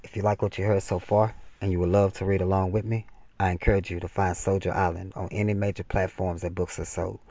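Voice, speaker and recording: A man reading his own novel aloud as first-person narration, in a steady, solemn way, on a slightly dull recording. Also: low-pitched, fairly quick.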